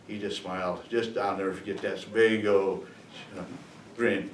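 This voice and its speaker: Older male veteran in his sixties, lowish voice, rambling chuckling storyteller, roomy echo, mic far off. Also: flat delivery. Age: 60s. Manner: rambling, chuckling, halting with fillers. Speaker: veteran speaker. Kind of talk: storytelling to students. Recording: echoey room, distant mic, faint noise.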